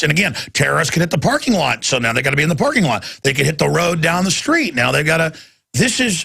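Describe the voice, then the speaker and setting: Brief: male talk radio host, gravelly and forceful, rants with heat and repeats himself. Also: fairly high pitch. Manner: impassioned, ranting, repeats words.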